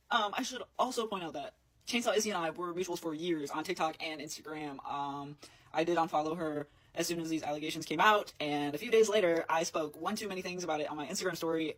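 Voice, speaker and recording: A social media commentator heard in a played clip, rattling through quoted statements at a very rapid clip. The delivery is blunt and indignant, with scoffing laughs breaking into the reading. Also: medium pitch, fairly bright tone, rough recording. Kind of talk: fast spoken commentary video.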